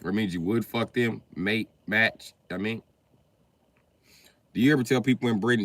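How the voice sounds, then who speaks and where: A man's voice: lowish voice, moderate pace, a bit bright, dry recording. An American man doing a live-stream comedy rant, riffing and swearing, and repeatedly addressing one listener. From United States.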